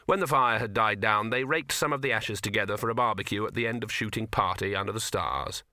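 A man reading a novel aloud in a measured, wry storytelling manner, close to a studio mic. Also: on the low side, pushed and bright, no echo. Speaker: audiobook narrator. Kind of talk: scripted narration.

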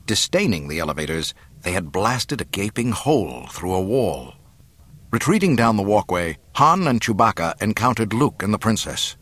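A man narrating an adventure novel in a measured storytelling manner into a close mic. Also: on the low side, big pitch swings, a bit bright, no echo. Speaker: audiobook narrator. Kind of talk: scripted narration.

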